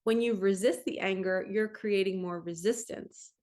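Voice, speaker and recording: A woman's voice: medium pitch, normal speed, a little mellow. A woman spiritual coach talking casually into her computer camera, reading passages aloud and commenting on them. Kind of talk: casual spiritual teaching vlog. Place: home, in front of a computer.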